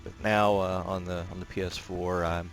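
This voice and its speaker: A man with a low, deep voice chats casually while he plays a naval warfare game, drifting between tactics and stories with plenty of "uh"s and restarts. Faint game music hums underneath his voice. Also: moderate pace. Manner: relaxed rambling, frequent fillers and restarts. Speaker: gameplay commentator. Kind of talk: casual gameplay commentary.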